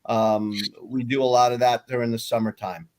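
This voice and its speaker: A man, a fly fishing guide and author, chatting casually on a podcast in an animated, self-mocking way. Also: medium pitch, moderate pace, a little hiss or hum.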